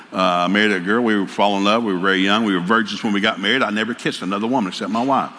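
A man's voice: on the low side, fairly even intonation, rapid-fire, few pauses, sharp tone. An older man giving a folksy, joking sermon as a preacher, telling stories with country humor. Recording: hall reverb, faint ambience.

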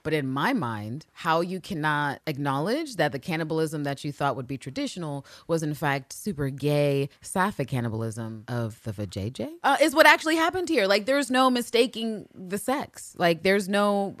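A woman co-hosting a podcast in casual chat, animated and profane, acting out scenes in quick put-on voices. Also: lowish voice, dry recording. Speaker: podcast co-host.

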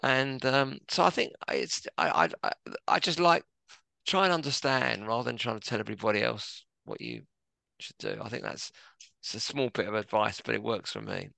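A middle-aged man, a podcast guest, telling reflective stories in a gentle, self-deprecating way. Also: medium pitch, very animated, normal speed, gravelly, no echo. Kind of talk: relaxed conversational storytelling.

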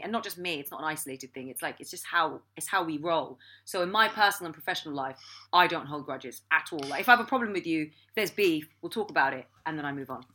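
A woman guest in a casual chat, frank and emphatic, quick to argue her point. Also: deep voice, lively intonation, sharp tone.

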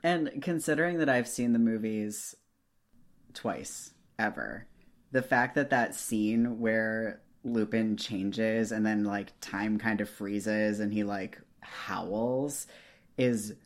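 Slow, wry woman podcast co-host. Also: a bass voice. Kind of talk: casual book discussion podcast.

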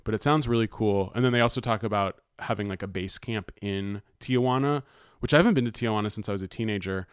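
A man's voice: on the low side, fast talker, smooth, dry recording, studio quality. A man co-hosting a podcast, chatting casually and hesitantly, reading bits of an article with many fillers. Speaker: podcast co-host. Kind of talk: casual chat.

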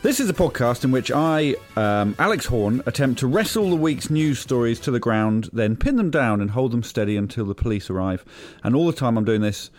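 A middle-aged man hosting a comic podcast, talking in a dry, deadpan, whimsical way. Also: medium pitch, fairly quick, hardly any pauses, soft background music. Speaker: podcast host.

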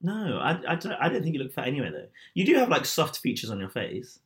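A man's voice: fairly high pitch, wildly swooping pitch, fast, a bit bright. A young man in casual chat who talks in a chatty, teasing way and laughs often.

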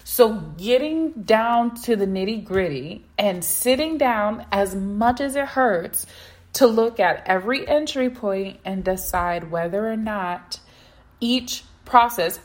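A woman's voice: medium pitch, lively intonation, takes it slowly. A woman hosting a solo business podcast, giving advice in an emphatic way, repeating phrases for stress and asking rhetorical questions. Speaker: podcast host, practice consultant.

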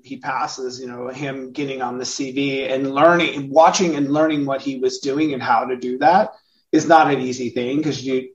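A man from California in a casual film discussion on a podcast, animatedly acting out the people he quotes. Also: mid-range voice. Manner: animated, acts out quoted parents. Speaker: podcast co-host. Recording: dull lo-fi sound.

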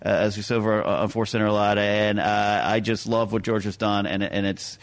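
A man's voice: on the low side, steady tone, fast talker. A man on a podcast panel chatting casually, telling stories enthusiastically and acting out little voices. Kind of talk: casual chat.

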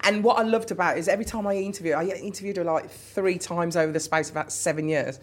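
A woman's voice: fairly low pitch, fast talker. A woman chatting as a guest, bubbly and gossipy. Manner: bubbly and gossipy, laughs often. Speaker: TV presenter guest. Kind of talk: casual chat.

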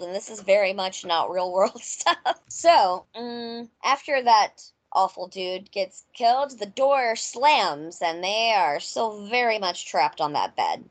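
A woman from Mississippi with a Southern American accent, hosting a podcast and casually retelling a film plot with lots of fillers. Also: medium pitch. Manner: loose, filler-heavy storytelling. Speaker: podcast host. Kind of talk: casual chat recapping a film.

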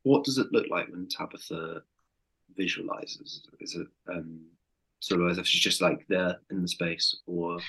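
A man narrating a tabletop game as game master, calm and hesitant, with many ums. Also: low-pitched, a little slow, slightly rough, rough recording.

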